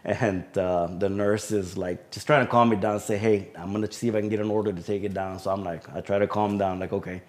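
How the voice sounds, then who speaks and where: A man being interviewed as a sheriff's deputy guest, telling a personal story in a halting way with many fillers. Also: on the low side, fairly even intonation, darkish tone. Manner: halting recounting with frequent fillers.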